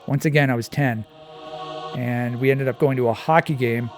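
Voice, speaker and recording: A man's voice: medium pitch, fairly even intonation, moderate pace, over music. A man giving casual, digressive commentary while playing a map quiz, thinking aloud as he goes. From Canada. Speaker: quiz channel host.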